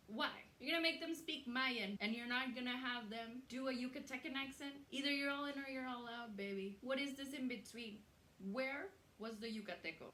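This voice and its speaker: A woman's voice: medium pitch, moderate pace, bright, forceful tone, a little hiss or hum. A young woman hosting a casual cooking vlog in her home kitchen, chatty, swearing freely and laughing easily. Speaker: cooking show host. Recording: roomy kitchen echo.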